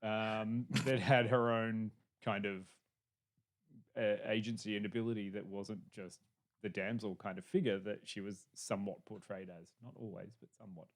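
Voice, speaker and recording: A man co-hosting a casual podcast, jokey and quick to laugh at his own jokes. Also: lowish voice, fairly even intonation. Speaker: podcast co-host. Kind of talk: casual chat.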